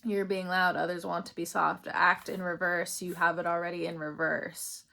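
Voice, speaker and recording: A woman's voice: fairly low pitch, level tone, moderate pace, vocal fry, pushed and bright. A young woman giving a casual, rambling spiritual reading, chatty and laughing often. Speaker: tarot reader.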